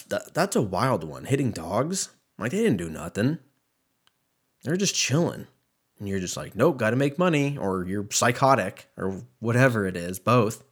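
A young man hosting a solo podcast, rambling in a profane, self-mocking way as he talks. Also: mid-range voice. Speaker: podcast host. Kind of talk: casual solo podcast rant.

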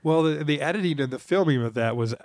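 A man co-hosting a movie podcast in casual chat, tossing in quick jokes. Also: on the high side, a little mellow, no room sound, studio quality. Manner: quick jokey interjections. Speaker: podcast co-host.

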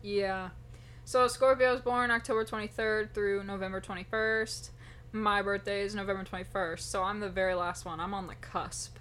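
A young woman talks through a relaxed podcast, playful and quick to break into giggles. Her pitch sits mid-range for a woman. A faint hiss of background noise runs under the recording. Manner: giggly, playful, laughs often. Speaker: podcast co-host. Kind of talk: casual chat.

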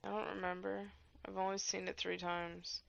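A woman's voice: medium pitch, moderate pace, creaky, muffled recording. A young woman co-hosting a podcast, gushing and joking wryly as she watches a movie. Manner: gushing and wry, lively swings. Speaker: podcast co-host. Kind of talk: casual movie watch-along chat.

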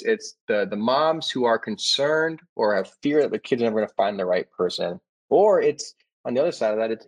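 A man's voice: mid-range voice, rough recording. A man in his thirties, a startup founder, talking casually in an interview and acting out the customers he quotes. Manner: animated, acts out quoted customers with restarts.

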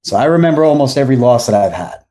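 A man's voice: mid-range voice, big pitch swings, quick pace, warm tone. A man in his forties from South Florida, a podcast guest telling a long story casually, rambling and correcting himself as he goes.

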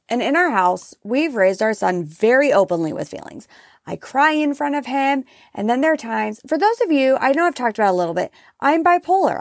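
Frank, gravelly-voiced woman podcast host. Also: fairly high pitch, no room sound, clean studio sound. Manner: frank and chatty, swears casually. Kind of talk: casual solo podcast talk.

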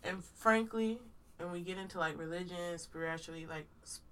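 Woman, podcast co-host, congested, frank and emphatic, low-ish voice, slightly distant mic. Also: moderate pace, a bit bright, clean tone. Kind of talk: casual podcast chat.

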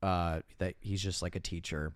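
Low, smooth-voiced man recapping a film. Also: steady tone, dry recording. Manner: rambling, many fillers and restarts, quick to laugh. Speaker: podcast co-host. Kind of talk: casual movie-recap chat.

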